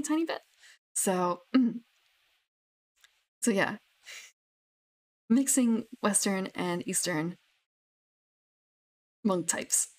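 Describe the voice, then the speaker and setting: A young woman chatting casually about her tabletop characters, rambling with many fillers and restarts. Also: medium pitch. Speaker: tabletop gamer. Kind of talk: casual chat.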